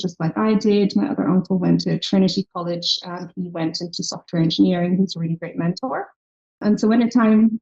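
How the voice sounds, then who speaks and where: A woman from Ireland tells her story in an animated way, slipping into the voices of the people she quotes. Her tone is mellow and warm. The recording sounds slightly dull and lo-fi. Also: mid-range voice. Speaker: startup founder and podcast guest. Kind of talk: conversational interview.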